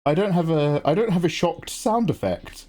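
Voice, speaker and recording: A man's voice: on the high side, animated, moderate pace, warm tone. Young streamer host, playful and jokey, chats with viewers at his desk mic. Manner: playful, jokey, mock-grand asides. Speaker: livestream artist host. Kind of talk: casual chat reading viewer messages.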